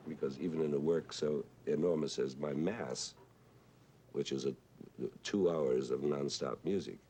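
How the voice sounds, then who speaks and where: An older man with a husky, whiskey-worn voice, reminiscing about his mentor in a thoughtful, unhurried way with hesitant fillers. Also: rumbling low, warm tone. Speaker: composer and conductor recalling a mentor. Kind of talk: reflective spoken reminiscence. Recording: 1970s television broadcast archive.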